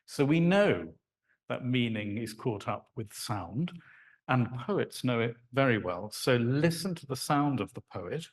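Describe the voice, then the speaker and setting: Man giving a lively lecture. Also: medium pitch, unhurried. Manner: animated and conversational, acts out sounds and rhythms. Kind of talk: live lecture to an audience. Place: lecture hall.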